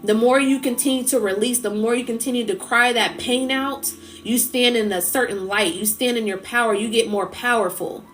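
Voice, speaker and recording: A woman's voice: a little high, steady tone, moderate pace, few pauses, a bit bright, faint music behind. Impassioned woman preaching on a livestream. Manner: impassioned, preachy, repeats phrases. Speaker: livestream spiritual speaker. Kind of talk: casual live-stream talk.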